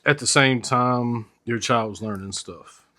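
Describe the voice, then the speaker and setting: A man's voice: medium pitch, takes it slowly, bright, forceful tone. A man co-hosting a podcast in a laid-back casual chat, often using filler phrases. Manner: laid-back, uses frequent verbal fillers. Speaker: podcast co-host.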